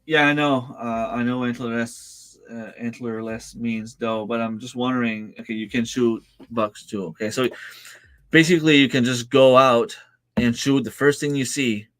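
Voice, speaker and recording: At a medium pitch with fairly even intonation and normal speed, a man talks in a recording with no room sound. He hosts a casual home livestream on a desk microphone, answering viewer comments in a rambling style laden with fillers and restarts.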